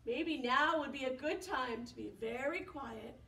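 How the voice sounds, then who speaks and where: A young woman leading a preschool storytime as a children's librarian, with lively gasps, whispers and sing-along songs. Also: high voice, moderate pace. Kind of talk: preschool storytime reading and singing. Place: library room. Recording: echoey room, mic at a distance.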